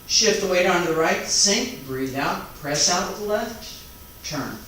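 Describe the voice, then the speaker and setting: Slow calm guy counting thru taiji moves, faint hiss, sounds far off. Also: sits high. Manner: calm, unhurried step-by-step cueing and counting. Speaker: taiji instructor. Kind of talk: live online movement class. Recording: very echoey room, mic far off, faint background noise.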